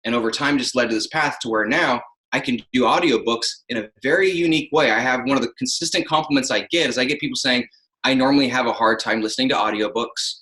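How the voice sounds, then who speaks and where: Guy in a podcast interview, bright voice, acts out example lines, echoey room. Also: mid-range voice, fast. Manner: explains with acted-out example phrasings. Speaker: audiobook narrator and coach.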